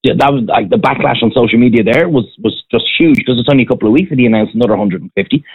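A man's voice: mid-range voice, rapid-fire, slightly rough. An Irish man, a former restaurant owner, ranting bluntly in a casual chat as a podcast co-host. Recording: dry, phone-like band.

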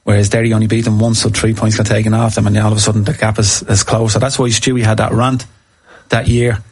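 A man, a former footballer telling animated stories in casual chat and acting out what people said. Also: fairly low pitch, fast talker, slightly rough. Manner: animated anecdotes, acts out quotes. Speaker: former footballer, podcast guest.

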